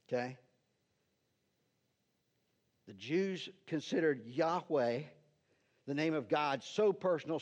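A pastor with a fairly high, darkish-toned voice preaches in a relaxed teaching style, checking in again and again with "right?". Between points he speaks to the person handling the slides. The recording sounds dull and lo-fi.

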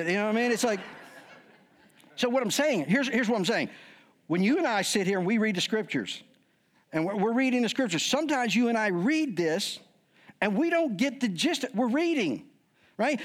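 A middle-aged man preaching a sermon as a pastor, joking and acting out voices as he goes. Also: high-pitched. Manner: lively, joking, acts out quoted voices.

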